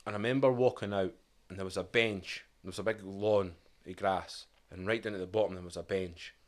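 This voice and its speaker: Speaking low and fairly quickly with fairly even intonation, a Scottish podcast guest in his thirties recounts his life in a casual storytelling interview. He reflects openly, often quoting what he and his relatives once said.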